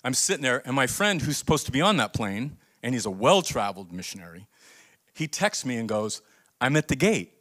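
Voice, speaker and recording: A man pastor preaching a sermon, telling a story with acted-out quotes and building to emphatic, near-shouted points. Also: mid-range voice, fairly quick. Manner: animated storytelling, acts out quoted voices.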